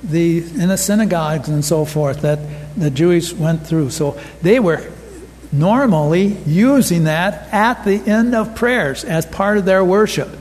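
A man with a high voice preaches a sermon at a slow, deliberate pace, stopping often to pause and restart his phrasing. His words ring out with a long reverb, as if he stands in a large church hall. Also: darkish tone, slight background noise. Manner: unhurried, with many pauses and restarts. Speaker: pastor.

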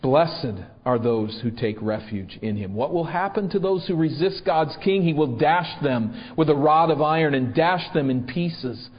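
Male preacher, slightly high voice, posing rhetorical questions; muffled recording in a reverberant church. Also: measured pace, few pauses. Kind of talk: sermon.

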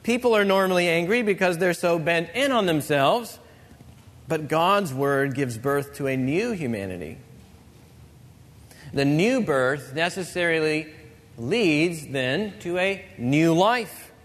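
A man preaching a sermon as pastor, earnest and measured, with pauses. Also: on the high side, a bit bright. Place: church sanctuary. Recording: long church reverb.

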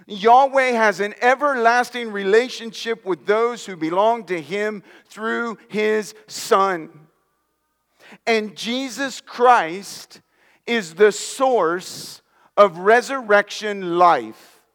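Slow, high-voiced preaching man in reverb. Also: a bit bright. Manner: emphatic preaching, dropping to near-whispers for stress; addresses listeners directly as friends. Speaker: pastor. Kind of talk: sermon.

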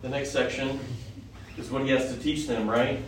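A male preacher with a mid-range voice, fairly even intonation, and moderate pace gives a conversational teaching sermon and asks the audience questions. The sound comes from a mic well away from him in a heavily echoing hall, with faint noise.

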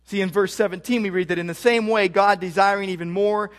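Male pastor with a notably high voice, preaching with emphatic repetition. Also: steady tone, a little fast. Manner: emphatic, repeats key phrases for stress. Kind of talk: expository sermon.

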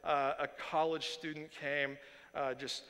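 Guy preaching a sermon, casual with lots of "right?", bright voice, big echoey hall. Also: on the high side, measured pace, clear, resonant tone. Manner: animated, acts out quoted voices, casual fillers. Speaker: pastor.

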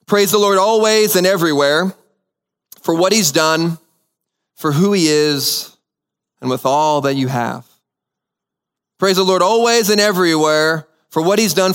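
A man's voice: sits high, fairly bright tone, clean tone, long reverb tail. A man preaching a sermon as pastor, telling a story and repeating key phrases for emphasis. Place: church sanctuary.

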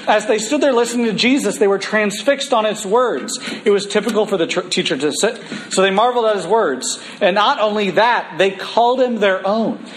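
A man preaching a sermon in a church, reading scripture and breaking into casual, animated asides. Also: high voice, a little fast, hardly any pauses, a little hiss or hum, poor audio.

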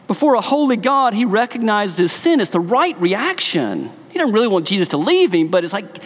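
A man's voice: very high voice, sing-song, moderate pace, few pauses, big-room sound. A man, a pastor, preaching a sermon in a church, telling the story with emphasis.

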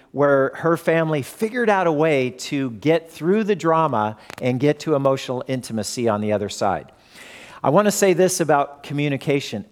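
An older man preaching a sermon in a conversational way, telling family stories and Bible examples. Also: a little high. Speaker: pastor.

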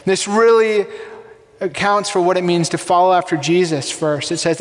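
A man's voice: high voice, moderate pace, in a large hall. A male pastor preaching a sermon in a conversational way, often asking the congregation rhetorical questions.

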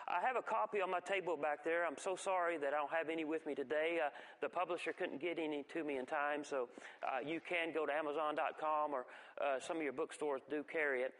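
A man giving a folksy church testimony, telling stories with halting restarts. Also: a little high, steady tone, fairly bright tone. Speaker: guest speaker giving testimony. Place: church sanctuary. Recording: long reverb of a church hall.

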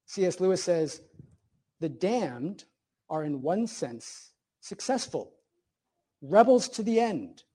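A high-pitched man delivering a sermon, with a mellow, darker tone to his voice. He builds rhythmic, repeated phrases and leans hard on key words, then slows into patient, teacherly explanation. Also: sing-song, slightly rough. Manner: emphatic, repetitive cadences with slow, stressed phrases. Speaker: preacher.

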